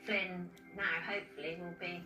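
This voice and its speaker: Quiet earnest woman, dog owner. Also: fairly low pitch, flat delivery, normal speed. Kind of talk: TV interview and chat. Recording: roomy distant TV audio with loud music.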